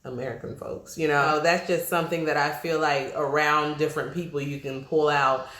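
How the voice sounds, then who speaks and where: A woman with an East Coast accent, chatting casually to camera with lively, slangy asides and frequent laughter. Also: low-pitched, moderate pace. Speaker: vlogger. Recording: roomy echo.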